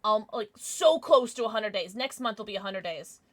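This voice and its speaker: A woman live streamer chatting casually with her viewers, chatty and quick to swear. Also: mid-range voice. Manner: chatty, lively, swears freely.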